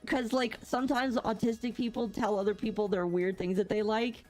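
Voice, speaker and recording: A woman's voice: a little high, fairly even intonation, moderate pace, a little mellow, faint music behind. A woman co-hosting a podcast in casual chat. She is blunt and opinionated and laughs often. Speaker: podcast co-host.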